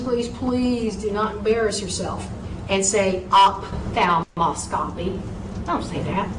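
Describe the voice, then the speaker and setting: A woman teaching medical terminology in a recorded lecture, patiently spelling out words letter by letter and repeating each pronunciation. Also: medium pitch. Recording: echoey room, mic far off, steady noise.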